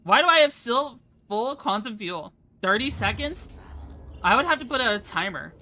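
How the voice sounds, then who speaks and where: A woman's voice: fairly high pitch, expressive, moderate pace, bright, forceful tone. A young woman streaming a game, chatting casually and rambling from topic to topic, laughing often. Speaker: VTuber streamer. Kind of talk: casual live-stream chat.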